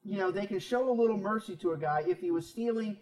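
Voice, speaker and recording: A man's voice: sits high, fast talker, darkish tone. A man, a pastor, teaching a Bible sermon in an emphatic, conversational way, full of rhetorical questions. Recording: echoey room, distant mic.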